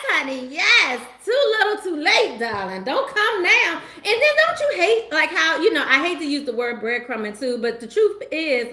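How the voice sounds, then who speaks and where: A woman tarot reader chatting casually to her viewers, animated and emphatic, breaking into laughter and slang as she rants. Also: high voice, reverberant. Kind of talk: casual livestream chat.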